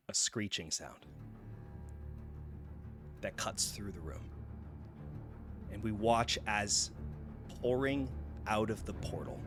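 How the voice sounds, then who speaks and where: A man running a tabletop game as game master, narrating a horror scene in vivid detail, often hushed, with fillers. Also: lowish voice. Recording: music underneath.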